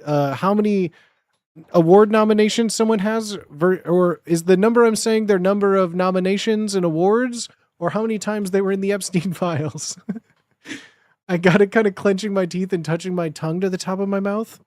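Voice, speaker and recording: A man's voice: high voice, normal speed, darkish tone, no echo, clean studio sound. Giggly rambling young man streamer. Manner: rambling, giggly, crude joking. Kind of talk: casual stream chat.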